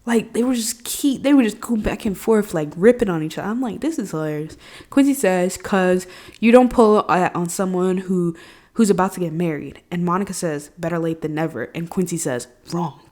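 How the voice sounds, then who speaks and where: A woman hosting her own podcast, talking casually and animatedly, full of slang with big jumps in pitch and loudness. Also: brisk. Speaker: podcast host. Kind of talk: casual solo podcast talk.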